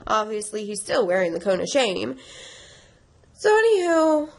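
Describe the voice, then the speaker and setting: A woman's voice: mid-range voice, big pitch swings, measured pace, vocal fry. A young woman vlogging casually, rambling and emotional, tearful and stressed while laughing through it. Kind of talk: casual confessional vlog.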